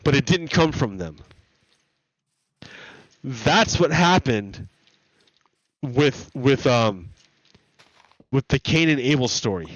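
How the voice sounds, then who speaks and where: A man's voice: mid-range voice, expressive, slow pace, long pauses, no echo, highs cut off. A man streaming, retelling stories in a rambling, profane way full of restarts. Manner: rambling, profane, self-correcting. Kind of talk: casual rambling storytelling.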